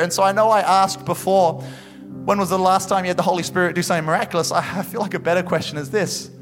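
High-voiced passionate male preacher. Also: steady tone, fast, faint music behind. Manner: passionate, building to loud exhortation. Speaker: pastor. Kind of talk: sermon. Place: church service.

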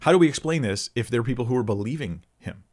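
A man hosting a Bible question-and-answer session, explaining scripture in a relaxed, unscripted way, often thinking aloud and restarting his sentences. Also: medium pitch, fast. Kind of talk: casual unscripted Bible teaching.

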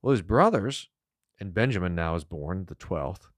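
Low-voiced pastor retelling scripture. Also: male voice, animated, normal speed, no echo, clean studio sound. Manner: storytelling, reads scripture aloud with rising emphasis. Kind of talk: Bible teaching podcast.

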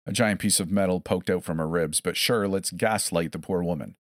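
A man reads a first-person horror tale with wry asides. His voice is deep, and the recording is close and dry, with no room around it. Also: a little fast, hardly any pauses, no echo. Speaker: narrator. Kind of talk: scripted horror narration.

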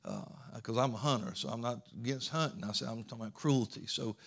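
A man's voice: mid-range voice, fast talker, creaky, fairly bright tone. A middle-aged man with a Georgia Southern accent preaching a sermon in an earnest, folksy way, often repeating words.

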